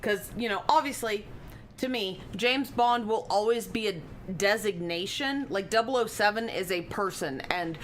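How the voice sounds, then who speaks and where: A woman's voice: medium pitch, moderate pace, a little hiss or hum. Chatty woman streamer, rambling and swearing. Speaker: game streamer. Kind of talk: casual live-stream chat.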